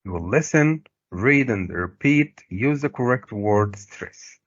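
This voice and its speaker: A middle-aged Egyptian teacher with a low, husky voice and lively, rising and falling pitch. He sounds out English words one syllable at a time, like a classroom drill. The recording is dry and dull, with a lo-fi edge. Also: no echo. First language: Arabic. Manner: switches to Arabic to explain, stresses syllables slowly. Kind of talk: recorded lesson.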